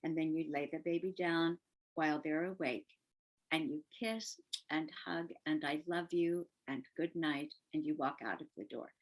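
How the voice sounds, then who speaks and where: An older woman giving gentle, earnest advice to parents and teachers, often repeating words softly for emphasis. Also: low voice, normal speed, low-quality recording. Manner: warm, gentle advice with soft emphatic repetition. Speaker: parenting educator.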